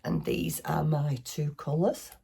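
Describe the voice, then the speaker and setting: A woman's voice: low voice, steady tone, slow, gravelly, dark tone, breathy edge. A middle-aged woman with a Northern English accent, chatting casually and rambling in a self-deprecating way as she shows her knitting to her viewers. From northwest England. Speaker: craft vlogger. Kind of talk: casual craft chat.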